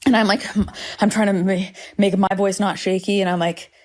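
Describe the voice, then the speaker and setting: A woman's voice: medium pitch, steady tone, moderate pace, darkish tone. Candid rambling woman podcaster. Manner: candid, rambling, swears freely, self-deprecating. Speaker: podcast host. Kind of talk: solo podcast monologue. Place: home, indoors.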